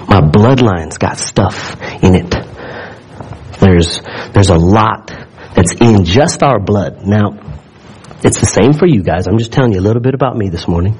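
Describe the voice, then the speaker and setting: Husky low-voiced man preaching a sermon. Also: low-quality recording. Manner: animated storytelling with frequent asides and questions to the congregation; repeats words when building up. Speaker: pastor.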